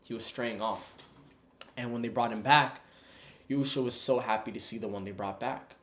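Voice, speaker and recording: A man's voice: mid-range voice, normal speed, fairly bright tone, reverberant. A man giving a casual, conversational Bible teaching online and calling his viewers "bro". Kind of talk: casual preaching to camera.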